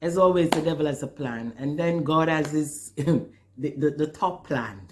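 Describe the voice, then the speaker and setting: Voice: mid-range voice, measured pace, background noise. An earnest, emotional speaker telling a personal spiritual testimony, often repeating words while searching for the next one. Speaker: spiritual storyteller.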